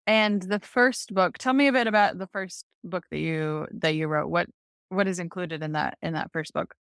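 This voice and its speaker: A woman's voice: lowish voice, normal speed, fairly bright tone, smooth, no echo, clean studio sound. A woman hosting a podcast interview, speaking appreciatively and searching for her words. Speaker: podcast host. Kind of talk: casual interview talk.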